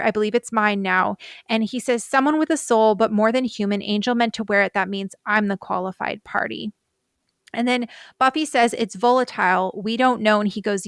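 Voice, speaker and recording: A woman's voice: medium pitch, smooth, no echo, studio quality. A woman co-hosting a podcast, chatting casually and animatedly as she recaps scenes and reads out lines. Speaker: podcast co-host.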